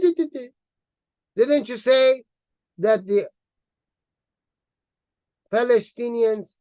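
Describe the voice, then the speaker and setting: In a very high-pitched, slightly mellow voice with no room sound, a male online commentator rants in a heated, mocking way. He hurls insults and repeats words to drive his points home.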